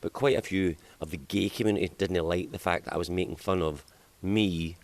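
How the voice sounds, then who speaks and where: A man's voice: deep voice, a little fast. A man with a Scottish accent, a comedian chatting casually in an interview and laughing often at his own stories. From Scotland. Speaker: comedian guest. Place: outdoors in hot sunshine.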